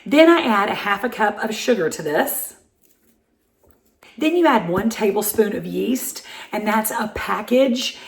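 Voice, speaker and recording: A middle-aged woman with a warm Southern American accent talks her viewers through a family recipe in a cheerful, chatty, folksy way. Her voice sits in a medium register. The kitchen around her is roomy and echoey. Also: medium pitch, animated, unhurried, gravelly. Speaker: cooking show host. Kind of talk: home cooking show. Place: home kitchen.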